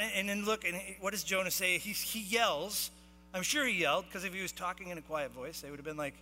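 A man preaching a sermon as pastor, reading scripture and explaining it in casual, animated talk. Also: sits high, brisk. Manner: animated, acts out the sailors' shouting. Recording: long hall reverb, faint music and mains hum.

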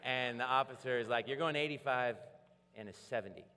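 A man preaching a sermon, telling a story with lively acted-out voices. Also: medium pitch, brisk, slight background noise. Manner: animated storytelling, acts out voices. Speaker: pastor. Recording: long hall reverb.

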